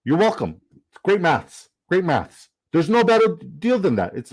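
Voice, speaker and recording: A young man casually chatting on a live stream, reading chat comments aloud, excitable and swearing freely. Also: sits high, unhurried. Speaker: fantasy football streamer.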